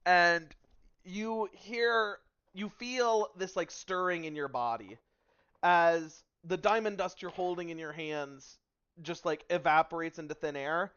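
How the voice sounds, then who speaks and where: A man's voice: sits high, measured pace, a bit bright, clear, resonant tone, lo-fi sound. A man running a tabletop game as dungeon master, narrating scenes in a loose, filler-heavy way.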